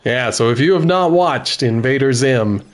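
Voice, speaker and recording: A man's voice: mid-range voice, lively intonation, normal speed. A middle-aged man chatting casually while streaming a game, laughing often and correcting himself as he goes. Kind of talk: casual gameplay commentary.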